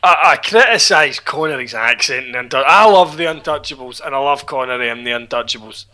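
A man's voice: mid-range voice, animated, quick pace, bright, forceful tone. A middle-aged man, recapping a film in casual, sweary, rambling chat with chuckles. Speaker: podcast co-host.

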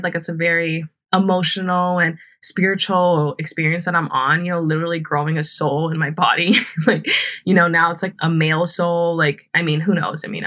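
Telling a personal story on her podcast, the young host laughs often, swears freely and leans heavily on fillers. She speaks on the low side with a sharp tone.

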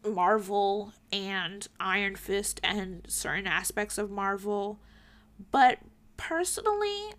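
Slow, earnest young woman lecturing. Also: fairly high pitch, fairly bright tone. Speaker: commentary vlogger. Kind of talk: opinion commentary to camera.

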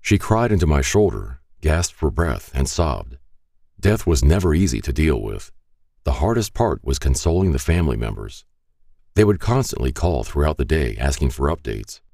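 A man's voice: very deep voice, very animated, moderate pace, mellow, no echo, clean studio sound. A man narrating a first-person story in an earnest, reflective way.

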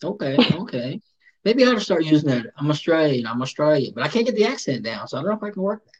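A man hosting a casual interview, joking around in a playful, animated way. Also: on the high side, rapid-fire, husky, lo-fi sound. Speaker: host.

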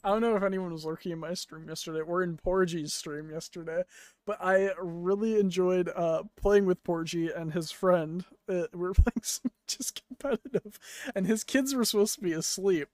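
A woman's voice: on the low side, normal speed, darkish tone, dry recording, clean studio sound. A woman co-hosting a casual streamed podcast, chatty and giggling through her anecdotes. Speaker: podcast co-host.

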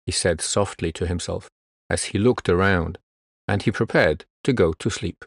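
A man narrating a storybook tale in a slow, expressive reading style. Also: lowish voice, dry recording, studio quality.

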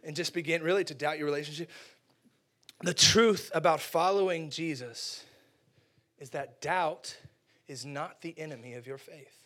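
A man's voice: fairly high pitch, normal speed, pauses often, a bit bright. A man preaching a casual, humorous sermon in a conversational way, joking and saying "like" often.

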